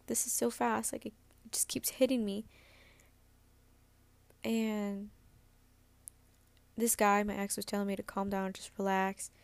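Medium-pitched and gravelly, a woman in her twenties speaks on her podcast in a dry recording. Her candid personal anecdote rambles, with lots of "like" and restarts.

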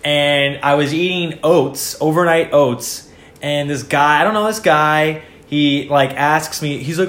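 A young man chatting casually on a podcast, telling stories in an animated, profane way and acting out angry outbursts. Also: on the high side, unhurried. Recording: echoey room.

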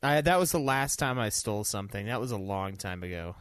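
A man's voice: fairly low pitch, expressive, a little fast, a bit bright, clear, resonant tone, dry recording, clean studio sound. A young man cohosting a podcast who speaks hesitantly in casual chat. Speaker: podcast co-host.

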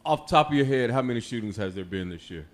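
A man's voice: medium pitch, expressive, quick pace. A man co-hosting a podcast in a casual, laid-back way, asking questions and dropping short reactions. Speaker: podcast co-host. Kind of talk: casual chat.

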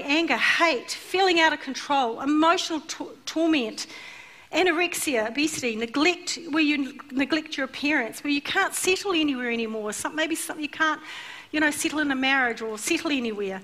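A middle-aged woman preaching a sermon in church, telling stories animatedly and acting out the voices. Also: high voice. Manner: animated storytelling, acts out voices. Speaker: church speaker.

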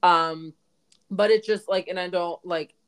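A woman's voice: on the low side, steady tone, a little slow, clean tone. Blunt, chatty woman co-host. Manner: blunt, swears freely, many "like" fillers; speaks with a confident professional opinion. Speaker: podcast co-host. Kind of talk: casual chat.

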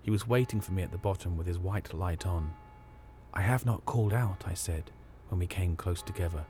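Man narrating a ghost story, low and measured. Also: steady tone, warm tone, slight background noise. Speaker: audiobook narrator.

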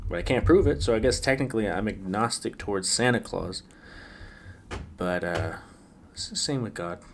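Guy doing a midnight solo podcast, kinda low voice, rambly and wry, trips over his words, little hiss in the background. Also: normal speed. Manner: rambling, wry, stammering restarts. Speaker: podcast host. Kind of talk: late-night solo podcast musing.

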